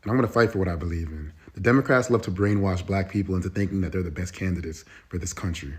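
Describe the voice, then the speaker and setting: A man's voice: deep voice, fast. A young man ranting to camera in a blunt, defiant, slangy way. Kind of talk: casual rant to camera.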